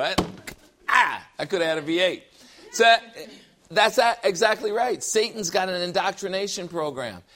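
A middle-aged man preaching a sermon, animated and full of joking asides and rhetorical questions. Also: fairly high pitch, background noise. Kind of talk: sermon with humor.

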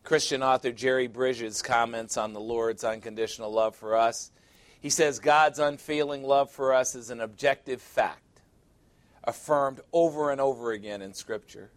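Man preaching an emphatic sermon. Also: mid-range voice. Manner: emphatic preaching, reading scripture aloud with commentary; addresses congregation directly. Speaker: pastor.

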